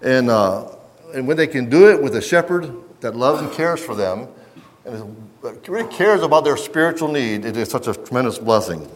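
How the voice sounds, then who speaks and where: A man's voice: mid-range voice, expressive, normal speed, slight background noise. A middle-aged man preaching a sermon in an earnest manner, often restarting his sentences and reading passages aloud from a book. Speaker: pastor.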